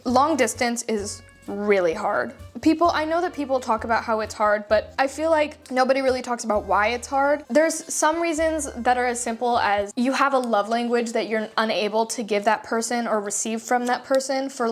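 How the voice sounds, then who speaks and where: A young woman from Los Angeles chatting casually in a vlog, warm and emotional, laughing often and filling her talk with "like.". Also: fairly high pitch. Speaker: vlogger. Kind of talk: casual chat. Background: soft background music.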